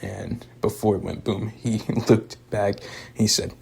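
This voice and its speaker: A young man with a low, gravelly voice talks through a movie review. His delivery is loose and rambling, packed with "like" and "um", and a bit husky around the edges. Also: little pitch movement, measured pace. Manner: rambling, full of "like" and "um" fillers; laid-back, chuckles now and then. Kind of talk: casual spoken movie review.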